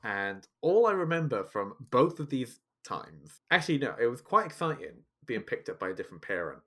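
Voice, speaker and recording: A man's voice: mid-range voice, very animated, fairly quick, pushed and bright. A man in a casual chat, telling a childhood story with dramatic, self-mocking exaggeration.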